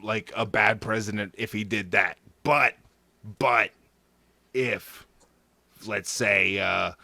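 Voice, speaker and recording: Blustering politician, New York accent, repetitive, halting, low voice, as a man puts it on. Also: vocal fry, sharp tone, dry recording, full character voice. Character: blustering older male politician, tough-talking.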